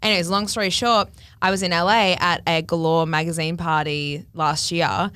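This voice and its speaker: A woman in her early twenties, a podcast guest who chats casually and tells a rambling, animated story with some swearing. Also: on the low side, normal speed, smooth. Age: early 20s. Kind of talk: casual chat.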